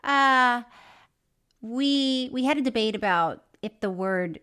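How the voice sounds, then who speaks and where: Woman podcast cohost, a bit high pitched, giggly and chatty, reads out fan letters. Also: animated, takes it slowly, pushed and bright, clean tone. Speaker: podcast co-host. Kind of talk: casual chat, reading listener mail aloud.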